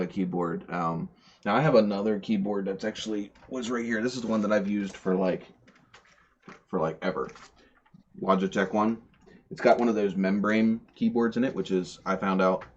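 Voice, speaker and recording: Low-voiced rambling man, lo-fi stream. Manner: rambling, stumbles and repeats words. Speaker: podcast host. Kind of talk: casual livestream chat. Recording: dull lo-fi stream audio.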